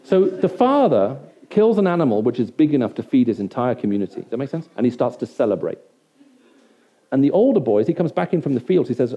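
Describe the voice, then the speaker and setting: A man gives a sermon in a conversational, check-in-with-the-room manner. His voice is deep-toned and very mellow. The recording is muffled and lo-fi. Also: sing-song, fast. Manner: conversational, keeps checking in with the audience. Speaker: preacher. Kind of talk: sermon to a live audience. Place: hall with an audience of about a hundred. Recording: dull lo-fi recording.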